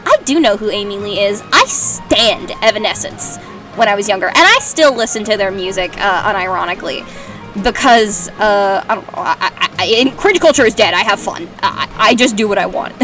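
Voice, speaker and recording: A woman's voice: mid-range voice, animated, fairly quick, fairly bright tone, faint music behind. A woman with an Irish accent, chatting casually and sarcastically while reading fanfiction aloud, rambling and giggling. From Ireland. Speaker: host.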